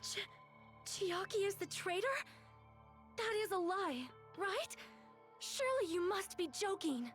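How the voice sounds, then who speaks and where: A polite, formal young girl from a video game speaks in a very high voice. Her wording is proper and refined. Faint music plays beneath her. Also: animated, a little slow, long pauses, fairly bright tone, heavily acted. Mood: shocked.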